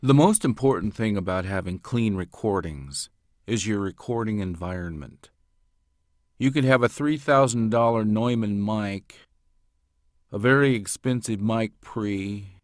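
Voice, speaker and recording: A man with a lowish voice talks through his work as an audiobook narrator, unhurried and explanatory. He was recorded in a closet sound booth, so the sound is dead dry with no room at all. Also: no room sound. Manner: measured, explanatory. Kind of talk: recorded interview answers.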